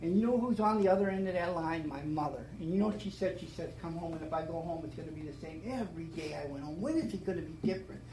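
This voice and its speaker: A man's voice: on the high side, quick pace, hardly any pauses, dark tone, echoey room, a little hiss or hum, poor audio. An older man giving an emotional recovery talk at a meeting, stumbling and restarting as he tells his story. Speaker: AA speaker.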